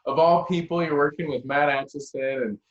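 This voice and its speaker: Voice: medium pitch, a little fast, highs cut off, crowd noise. A podcast host chatting casually and teasing the guests, laughing often. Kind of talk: casual interview chat. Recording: echoey room.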